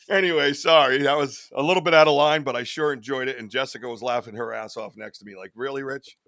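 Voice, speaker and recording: A man with a fairly high, fairly bright voice and vocal fry hosts a live podcast as a casual live-stream chat. He rambles, swears, and laughs at his own stories.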